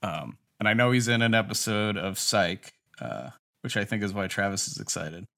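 A man's voice: on the low side, normal speed, gravelly. Laid-back man, easy chatter. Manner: relaxed, casual, many fillers. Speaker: podcast co-host. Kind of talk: casual chat.

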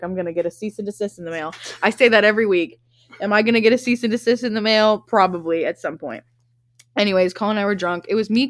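A woman's voice: fairly low pitch, dry recording. A young woman in her twenties hosting a podcast, telling a rambling, profane story in casual chat and laughing often. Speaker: podcast host.

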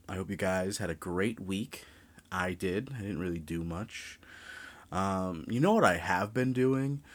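Low-voiced, profane young podcast host. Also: male voice. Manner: profane, ranting, animated. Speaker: true crime podcast host. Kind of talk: casual podcast monologue.

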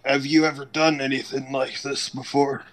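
A man's voice: medium pitch, flat delivery, normal speed, fairly bright tone, close to an everyday voice, rough recording. A man voicing an elderly male otter alchemist with a long white beard, speaking in a mild, plainspoken way during a tabletop game. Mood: courteous. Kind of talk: tabletop role-play voice.

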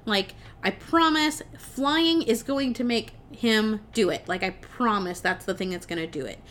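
A woman's voice: a little high, measured pace, a bit bright, slight background noise. Woman doing a pushy vampire dad from a cartoon, insisting, lightly voiced. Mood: insistent. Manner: insistent, brushing off objections. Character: exasperated stubborn vampire father, man.

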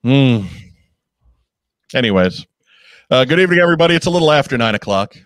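A man's voice: medium pitch, animated, fairly quick, a bit bright, dry recording. A man hosting a casual live video chat show, joking and often restarting his sentences. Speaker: host.

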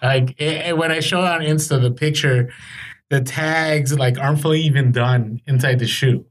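A man hosting a casual podcast, telling animated, rambling stories about reselling. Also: medium pitch, normal speed.

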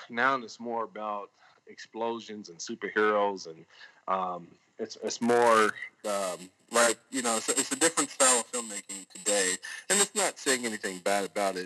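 A man's voice: fairly low pitch, pushed and bright, rough recording. A man chatting casually as a filmmaker guest on a podcast, rambling with lots of fillers and restarts.

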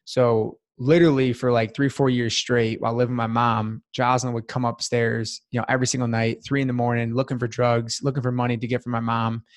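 A man's voice: mid-range voice, little pitch movement, fairly quick, hardly any pauses. Earnest man telling his story. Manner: earnest, heartfelt storytelling with many "like" fillers. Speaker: podcast guest. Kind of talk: personal life story in a casual interview.

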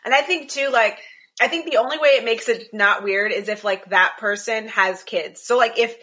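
A woman's voice: fairly high pitch, moderate pace, bright, forceful tone. A woman co-hosting a casual chat over a call, rambling with many restarts. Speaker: podcast co-host. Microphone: video call.

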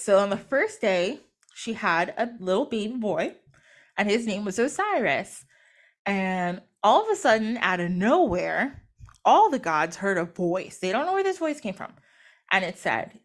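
A woman's voice: fairly high pitch, big pitch swings, measured pace, pauses often. A woman hosting a podcast, retelling a myth in a bubbly, giggly, chatty way. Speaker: podcast host. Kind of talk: casual storytelling.

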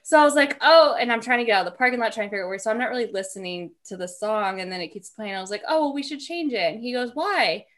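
A woman in her thirties co-hosting a podcast, telling a story in a chatty, casual way with quick asides. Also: on the high side, animated, a bit bright. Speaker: podcast co-host. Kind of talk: casual chat.

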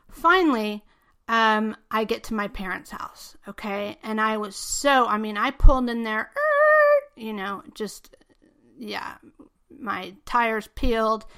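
A woman's voice: medium pitch, pushed and bright. A woman hosting a podcast, casually telling a true story from her life, with many "you know" and "okay?" asides. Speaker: podcast host.

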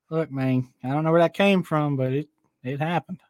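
A man's voice: on the high side, normal speed, a little mellow, dry recording, clean studio sound. A man co-hosting a casual podcast, laughing often and reading listener chat aloud. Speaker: podcast co-host.

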